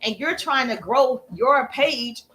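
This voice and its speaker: A woman coaching viewers on a live stream, chatty and energetic, breaking off to thank viewers as she teaches. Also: sits high, takes it slowly, a little hiss or hum. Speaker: social media coach.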